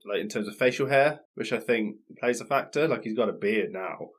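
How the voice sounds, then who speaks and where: A man, co-hosting a podcast and talking in a quick, matter-of-fact way as he watches along. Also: lowish voice. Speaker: podcast co-host. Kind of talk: casual chat, watching along.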